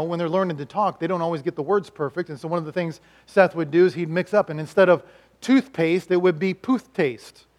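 A middle-aged man preaching a sermon, telling stories in an animated way and swinging between loud lines and hushed ones. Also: fairly high pitch. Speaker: pastor and chaplain.

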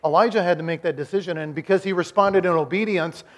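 A pastor from Iowa in the United States preaches a sermon in a fairly high male voice. He swings dramatically between hard, loud lines and slow, hushed ones, and he often repeats and restarts his words.

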